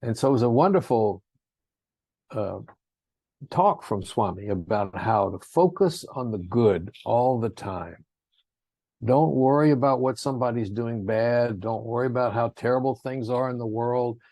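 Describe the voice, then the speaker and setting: A man's voice: mid-range voice, unhurried, mellow, no echo. A man giving an earnest, rambling spiritual talk, who acts out quotes in raised voices. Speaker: speaker in a spiritual talk series.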